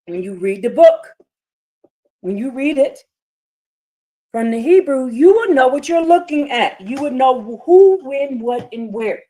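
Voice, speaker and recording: A woman with a high voice leads a religious commentary livestream. She preaches with heated indignation, hammering her points home by asking the same rhetorical question again and again. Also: animated, a little slow, dark tone. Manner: emphatic, repeats rhetorical questions. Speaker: livestream host.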